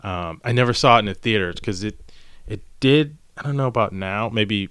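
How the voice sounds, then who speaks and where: Bright-voiced man, rambling storyteller. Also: on the low side, normal speed, smooth, no room sound, studio quality. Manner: rambling, animated storytelling with acted-out quotes. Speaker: podcast co-host. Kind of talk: casual chat.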